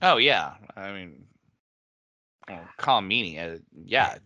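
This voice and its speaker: A man chatting casually as a co-host, upbeat and quick to laugh. His voice is strikingly bright and forceful, recorded dry and close with no room sound. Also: deep voice, expressive, dry recording, highs cut off. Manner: laughs often, chatty and enthusiastic. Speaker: podcast co-host. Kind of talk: casual chat.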